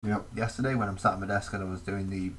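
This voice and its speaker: A man's voice: deep voice, steady tone, racing, a bit bright, slight background noise. A man chatting casually while painting miniatures, muttering to himself as he works.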